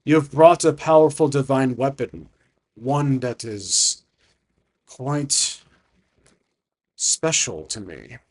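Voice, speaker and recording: An ancient male dragon near his last breath, as a man puts him on, speaking in slow, weighty phrases. He sounds solemn and all-knowing, drawing each word out in a steady middle register. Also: mid-range voice. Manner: slow, grave, measured speech.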